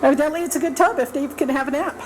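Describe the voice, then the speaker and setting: A woman's voice: sits high, racing. Chatty woman vlogging at a cabin. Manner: chatty, lots of fillers and "so". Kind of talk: casual vlog narration. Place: snowy cabin, indoors and out. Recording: noisy camera audio.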